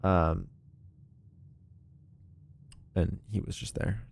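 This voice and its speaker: A man with a fairly low voice chats casually on a live stream while playing a puzzle game. He rambles, fills pauses with ums and laughs often. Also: steady tone, creaky, breathy edge.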